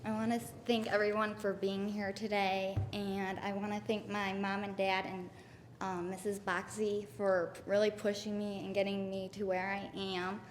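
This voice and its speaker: A woman's voice: medium pitch, flat delivery, normal speed, a little hiss or hum. A teenage girl giving a brief, shy acceptance speech. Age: teens. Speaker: award recipient. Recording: hall reverb with faint crowd.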